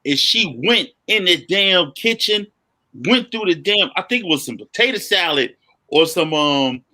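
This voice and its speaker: Animated high-voiced man telling stories. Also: unhurried. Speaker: podcast co-host. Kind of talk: casual chat.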